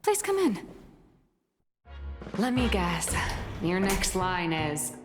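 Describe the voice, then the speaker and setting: A woman's voice: mid-range voice, very animated, takes it slowly. A woman playing a smug, theatrical magazine founder in a video game cutscene. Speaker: editor-in-chief. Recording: roomy reverb with game music.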